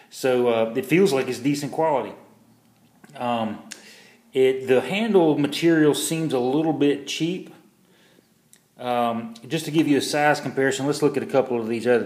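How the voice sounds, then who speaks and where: A man's voice: mid-range voice, roomy sound. A man reviewing a pocket knife in a casual vlog, rambling and self-deprecating, with lots of fillers and restarts.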